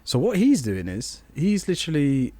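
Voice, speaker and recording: A man's voice: fairly high pitch, wildly swooping pitch, moderate pace, dark tone, dry recording. A young man co-hosting a podcast, rambling through an anecdote and acting out quoted voices. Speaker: podcast co-host. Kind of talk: casual storytelling chat.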